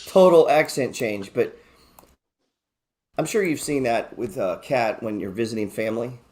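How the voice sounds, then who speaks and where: A man's voice: mid-range voice, moderate pace, pauses often, darkish tone. A man hosting a live stock market show, chatting casually, joking and swearing freely as he talks through his trades. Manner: reads viewer chat aloud.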